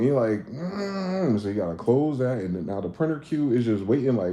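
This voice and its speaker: A man casually riffing on a livestream, profane and animated, acting out both sides of conversations. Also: medium pitch, moderate pace, few pauses. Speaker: livestream host. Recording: echoey room with faint ambient noise.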